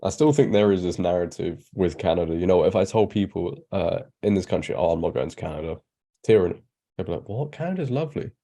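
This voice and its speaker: A man's voice: sits low, fast, creaky, hardly any pauses, warm tone. A man, co-hosting a podcast discussion in a blunt, opinionated way. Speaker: podcast co-host. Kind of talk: casual discussion.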